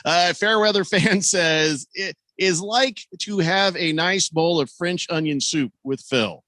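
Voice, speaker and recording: A man's voice: high voice, slow, bright, forceful tone, no room sound, clean studio sound. A man hosting a sports radio show, chatting casually and reading listener comments aloud. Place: radio studio. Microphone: studio microphone.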